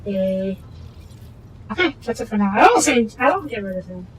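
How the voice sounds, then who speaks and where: A woman playing a video game and giving casual, relaxed, wry commentary as she goes. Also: medium pitch, normal speed, husky, low-quality recording. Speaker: game streamer. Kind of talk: casual let's-play commentary.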